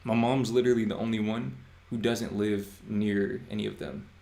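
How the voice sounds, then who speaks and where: A man in his twenties hosting a casual livestream chat, relaxed and reading chat aloud. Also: on the low side, normal speed, creaky, echoey room. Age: 20s. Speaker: livestream host.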